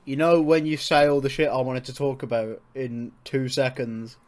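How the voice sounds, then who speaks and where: A man's voice: medium pitch, steady tone, normal speed, darkish tone. A young man from England hosting a casual podcast chat, swearing freely and laughing with his friend. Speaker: podcast host.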